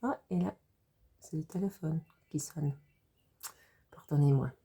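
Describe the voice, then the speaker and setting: A woman with a sore throat, teaching French by patiently explaining silly jokes and repeating each word slowly. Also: low voice, vocal fry, mellow, slightly rough.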